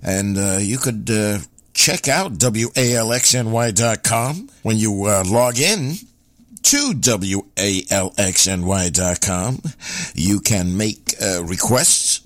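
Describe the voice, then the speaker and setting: A man's voice: fairly low pitch, lively intonation, takes it slowly, no room sound. A man hosting a radio show, chatting in a rambling, jokey way. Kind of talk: casual radio chat.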